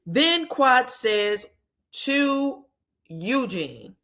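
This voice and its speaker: A woman with a high voice speaks very slowly, casually recapping reality show gossip. She's animated, acting out the cast's lines and cursing frankly.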